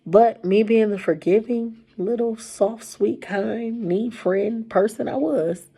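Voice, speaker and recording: A woman casually telling a personal story to camera, animated and colloquial, her voice jumping high when she quotes herself. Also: slow, slightly rough. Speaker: storyteller sharing a personal testimony.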